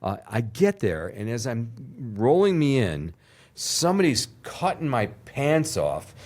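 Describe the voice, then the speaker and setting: An older man, a television producer, telling an animated story in an interview, acting out voices and laughing as he goes. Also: mid-range voice, unhurried. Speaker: TV producer, podcast guest.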